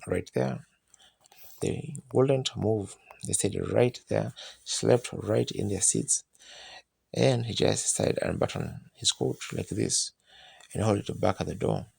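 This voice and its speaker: A man's voice: lowish voice, vocal fry, darkish tone, slightly rough, no echo. A man preaching a sermon, telling a personal story in a folksy, colloquial way and acting out moments as he goes.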